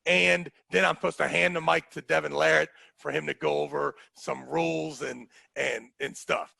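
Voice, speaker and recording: A man with a high, deeply gravelly voice tells a rowdy story, swearing freely and acting out quotes. His tone is bright and forward. The sound is close and dry. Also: moderate pace, no room sound. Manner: animated, profane, acts out quotes. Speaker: guest storyteller. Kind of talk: casual storytelling.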